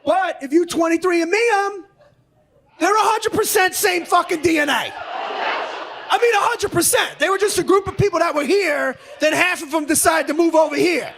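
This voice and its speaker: Man, stand-up comedian, very high-pitched voice, shouty profane rant, noisy club recording. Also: normal speed, creaky, some chatter behind. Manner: loud, profane, ranting with frequent shouting. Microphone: handheld stage mic. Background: audience laughter.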